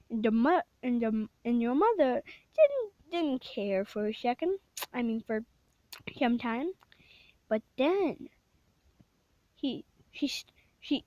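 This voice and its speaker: A woman's voice: sits high, mellow, no echo. A woman casually retelling a spooky game story, rambling with many fillers and self-corrections, sometimes dropping to a whisper. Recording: dull lo-fi dry recording.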